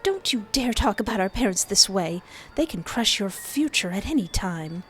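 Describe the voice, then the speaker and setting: A woman's voice: medium pitch, lively intonation, normal speed, faint music behind, close to an everyday voice. A woman voicing a spoiled, haughty teenage rich girl who talks in an indignant, whiny way.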